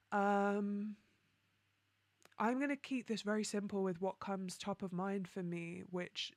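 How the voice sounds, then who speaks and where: A woman's voice: lowish voice, dry recording. Chatty woman hosting a livestream. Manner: chatty, reading out viewer comments, frequent ums and likes. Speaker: livestream host. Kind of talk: casual livestream chat.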